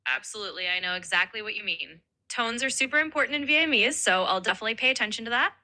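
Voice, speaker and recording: A woman's voice: a little high, expressive, fast, bright, forceful tone. A synthetic woman's voice acting as an AI language tutor, upbeat and encouraging, overly nice. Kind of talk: chatbot voice assistant.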